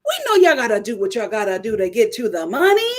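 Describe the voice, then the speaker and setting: A sassy woman riffing on a reality show in a casual video review. Her high voice is emphatic and full of laughing asides. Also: huge pitch swings, fast talker.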